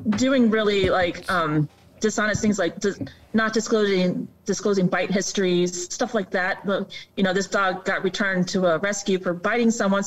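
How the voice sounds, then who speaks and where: A woman's voice: mid-range voice, distant mic, rough recording. A woman talking as a podcast guest, explaining earnestly and acting out quoted people. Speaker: guest on animal welfare. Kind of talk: casual podcast chat.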